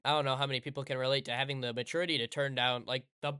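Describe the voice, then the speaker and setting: A man talking casually over gameplay, rambling and sarcastic, correcting himself as he goes. His voice sits at an ordinary middle pitch. The sound is dry and close. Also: little pitch movement, rapid-fire, sharp tone, smooth, no room sound. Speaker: streamer.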